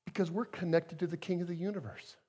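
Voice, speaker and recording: High-voiced male preacher telling stories. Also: steady tone, fast. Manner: storytelling, emphatic swings in loudness. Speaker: guest preacher. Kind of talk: sermon.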